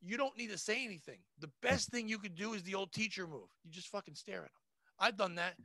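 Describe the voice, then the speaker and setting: A man with a notably high, bright, sharp-edged voice, talking shop as a comedian. He is blunt and profane and acts out the people in his stories, and the recording is close and dry with no room sound. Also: fast talker, gravelly, no room sound. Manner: blunt, profane, animated storytelling. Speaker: comedian guest. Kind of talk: casual podcast chat.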